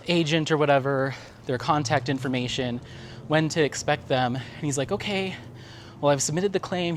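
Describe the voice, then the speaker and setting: A man with a slightly high voice tells a story in a chatty, animated way, laughing now and then as he walks outside. Faint traffic and street noise sit behind him, picked up by a handheld camera. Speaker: vlogger. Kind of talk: casual storytelling while walking. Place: outdoors on a city street.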